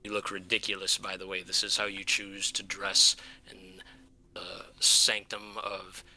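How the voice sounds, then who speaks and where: A man's voice: sits low, monotone, a little slow, pushed and bright, exaggerated voice. Man voicing a scornful elf villain. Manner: contemptuous, threatening.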